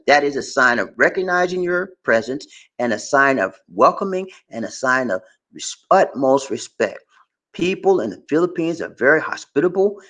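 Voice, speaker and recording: American male vlogger, lively and expressive, fairly high voice, laughs a lot. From United States. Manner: animated storytelling, laughs often. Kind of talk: casual advice monologue.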